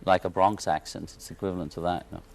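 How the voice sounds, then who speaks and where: A man's voice: sits low, fairly even intonation, quick pace, creaky. A man from Liverpool with a Liverpool accent, a musician guest joking wryly on a television interview. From Liverpool, England. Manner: wry, joking, laughs often.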